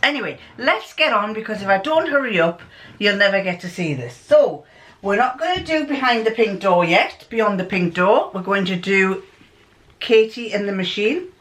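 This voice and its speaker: A woman's voice: medium pitch, expressive, normal speed, a bit bright. A woman vlogger in casual chat, chatty and scattered, often stopping to correct herself.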